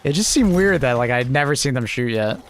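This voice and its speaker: A man's voice: medium pitch, lively intonation, brisk. A young man streaming a game in casual chat, laid-back, swearing freely and chuckling often.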